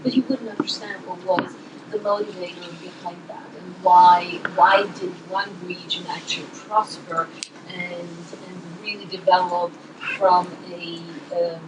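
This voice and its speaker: A woman speaking on a panel in a thoughtful, measured way, pausing with fillers and restarting her sentences. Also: on the low side, little pitch movement. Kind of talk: panel discussion remarks. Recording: distant mic with clear noise.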